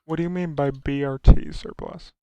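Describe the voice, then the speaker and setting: A man's voice: a little high, steady tone, normal speed, warm tone, clean tone, dry recording. A young American man casually chatting on his live stream, reading viewers' questions aloud and answering them with frequent restarts. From United States. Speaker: livestreamer.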